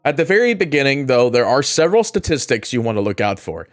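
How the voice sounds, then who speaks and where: Man, casual game-guide narrator, middle pitch, dry close-mic read with loose self-corrections. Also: sing-song, fast, no echo, soft background music. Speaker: gaming guide creator. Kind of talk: game tutorial voice-over.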